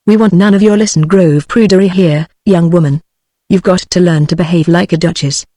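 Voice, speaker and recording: Bossy domineering professor guy, read by a british tts lady, brusque and commanding, plain even reading, dry close sound. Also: lowish voice, brisk, no room sound, natural voice. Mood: imperious. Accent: British English. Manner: overbearing and commanding.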